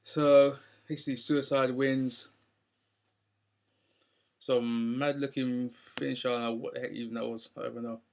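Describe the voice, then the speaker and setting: A man's voice: medium pitch, little pitch movement, moderate pace, creaky, long pauses, darkish tone. A young man recapping a wrestling show in a casual, rambling way with lots of ums. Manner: rambling, many ums and restarts.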